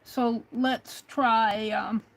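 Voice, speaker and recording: Woman, craft livestream host, unhurried speech, slightly high voice, hesitant with fillers. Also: steady tone, creaky, poor audio. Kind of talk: casual livestream talk to a chatbot.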